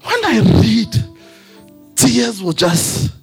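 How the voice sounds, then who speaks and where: A male preacher delivering a sermon in a husky voice, with a sing-song preaching cadence that rises into shouts. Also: extremely high pitch, wildly swooping pitch, extremely slow, soft background music.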